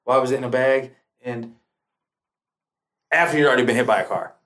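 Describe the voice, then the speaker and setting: A mid-pitched man tells a long story on a podcast. He swears a lot and acts out quoted lines as he goes. His delivery is loose and animated. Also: brisk. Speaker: podcast guest. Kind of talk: casual storytelling.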